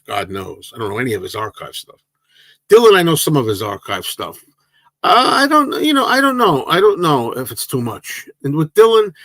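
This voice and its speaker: A man in his sixties chats casually on a livestream, wandering through his answers with plenty of ums and false starts. His voice sits at an ordinary middle pitch. The sound is close and dry, with no room echo. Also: fairly bright tone. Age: 60s. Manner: rambling, hesitant, many fillers and restarts. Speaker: livestream host.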